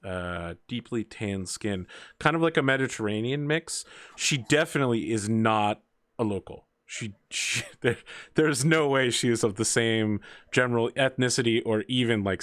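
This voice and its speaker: Game master, male, mid pitch, casual filler-laden narration, dry close sound. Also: a bit bright, no room sound. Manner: loose, filler-heavy narration.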